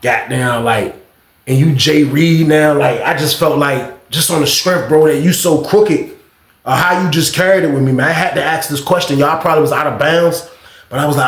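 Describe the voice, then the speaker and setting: A man telling a prison story to his viewers, animated and profane, talking straight to the audience. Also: on the high side, moderate pace. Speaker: storyteller, channel host. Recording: roomy echo.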